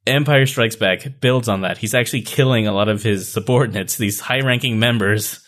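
A man's voice: lowish voice, normal speed. Man talking films, acting out quotes. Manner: animated storyteller, acts out quotes. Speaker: podcast co-host. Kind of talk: casual chat.

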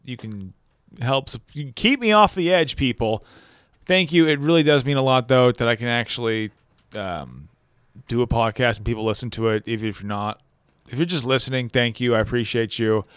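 A man's voice: mid-range voice, moderate pace, a bit bright, clear, resonant tone, no room sound, studio quality. A man hosting a podcast, bantering loosely with a guest, swearing and laughing often. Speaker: podcast host. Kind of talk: casual comedy podcast chat.

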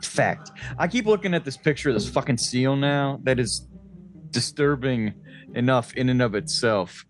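A man's voice: medium pitch, expressive, normal speed, faint music behind. A man co-hosting a podcast in casual chat, swearing freely and laughing often as he rambles. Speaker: podcast co-host.

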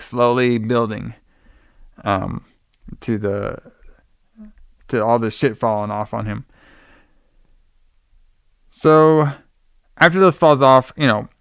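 A man's voice: medium pitch, fairly bright tone, clean tone, no room sound, clean studio sound. A man co-hosting a podcast, casually retelling a movie plot in a rambling way full of fillers. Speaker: podcast co-host. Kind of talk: casual movie review chat.

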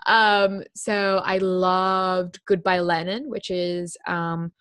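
Young woman gushing in a chat, lowish voice, dry close sound. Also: flat delivery, takes it slowly, fairly bright tone, clear, resonant tone, no room sound. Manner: bubbly, laughs often, fillers. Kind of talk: casual chat.

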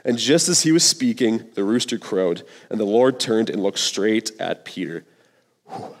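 A man's voice: lowish voice, normal speed, big-room sound. A male pastor giving a sermon in an earnest, conversational way, full of casual slang.

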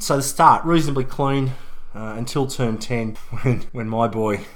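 A man's voice: mid-range voice, normal speed. A man hosting a podcast, chatting casually in a wry, teasing way and laughing easily. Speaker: podcast host. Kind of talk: casual motorsport chat.

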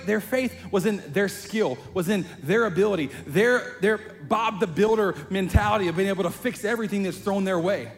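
Male pastor, fairly high voice, casual buddy-style sermon delivery rising to animated emphasis; long hall reverb, faint music bed. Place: church sanctuary.

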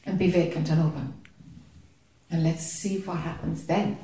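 A woman speaking as a spiritual teacher to a group, calm, slow and encouraging. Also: low-pitched. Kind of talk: satsang dialogue. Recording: very echoey, distant in a hall.

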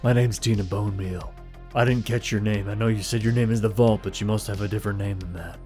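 A congested man voicing a tough female mercenary who talks slowly and gruffly in a tabletop role-play. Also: fairly low pitch, steady tone, a little mellow, soft background music, pitched below the performer's own voice, close to an everyday voice. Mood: intimidating. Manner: slow, gravelly tough-talk. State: congested from a cold.

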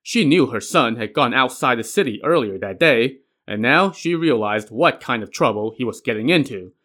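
A man retells an old myth in a relaxed, conversational way and drops in wry asides. His voice sits at an ordinary middle pitch. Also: normal speed. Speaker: podcast narrator. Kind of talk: casual storytelling of a myth.

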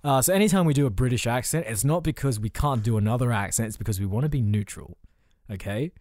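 A man's voice: mid-range voice, animated, darkish tone, no echo. Playful podcast co-host man, dry close sound. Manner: playful, quick to agree, laughs often. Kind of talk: casual comedic chat.

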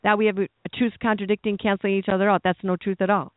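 A man's voice: high-pitched, flat delivery, rapid-fire, dry recording. A man preaching a sermon in a conversational, rambling way, asking the listeners questions and adding asides. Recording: dry, narrow phone-like sound.

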